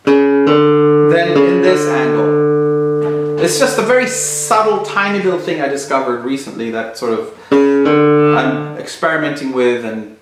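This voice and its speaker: A man's voice: a little high, a little slow, long pauses. Man teaching guitar in a very echoey room. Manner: thoughtful, searching for words, many restarts. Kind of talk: instructional explanation.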